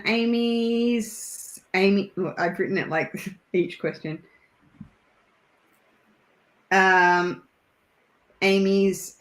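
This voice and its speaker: With a mid-range voice and an echoey room around her, an Australian woman chats casually as a guest over video. She's an animated, talkative storyteller who laughs often.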